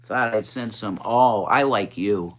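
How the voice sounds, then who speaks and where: Profane chatty man livestreaming. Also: a little slow. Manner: blunt, profane, chatty, swings up in pitch when excited. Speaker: livestream host. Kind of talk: casual livestream chat reading comments. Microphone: phone.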